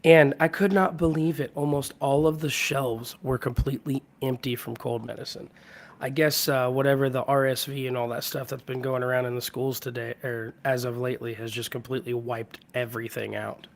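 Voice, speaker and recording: Hoarse, gravelly man chatting on a live stream. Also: flat delivery, fairly quick. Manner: keeps voice low to spare it; rambling, greets viewers by name. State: hoarse from a cold. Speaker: livestream host. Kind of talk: casual live-stream chat. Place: at home with hardwood floors.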